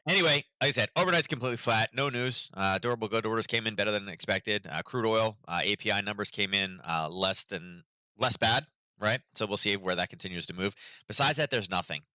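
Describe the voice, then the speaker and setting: A man's voice: on the low side, fairly quick, sharp tone, no echo. A middle-aged man hosting a market livestream, chatting casually and rambling with lots of fillers. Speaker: market analysis host.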